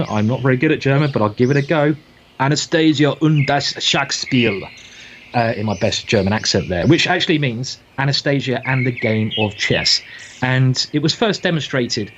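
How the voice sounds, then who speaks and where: A man narrating a chess lesson in a chatty way, with playful asides between the moves. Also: mid-range voice. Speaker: chess teacher. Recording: dull audio with clear background noise.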